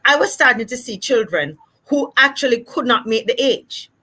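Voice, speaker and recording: A woman from Jamaica with a Jamaican accent, a speech-language pathologist explaining things in a casual, animated way and acting out examples. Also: a little high, moderate pace. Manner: animated, acts out examples in different voices.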